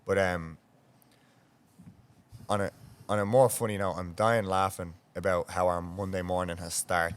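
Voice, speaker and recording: A man's voice: low-pitched, level tone, moderate pace, long pauses, clean tone. An Irish man co-hosting a podcast, chatting casually and eagerly setting up stories.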